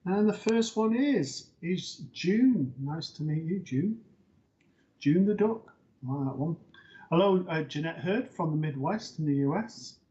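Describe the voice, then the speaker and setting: Male host, medium, chatty with fillers, higher voice, muffled stream audio. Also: measured pace. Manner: relaxed, hesitant with fillers. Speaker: psychic medium hosting a live show. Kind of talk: live-stream host talk.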